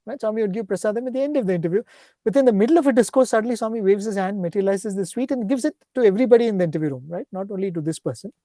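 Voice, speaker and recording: A man giving a devotional talk, retelling stories in an unhurried, explanatory way and often checking in with a questioning "right?". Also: high voice, dark tone, dry recording, clean studio sound. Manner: ends points with a questioning "right?". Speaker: spiritual speaker.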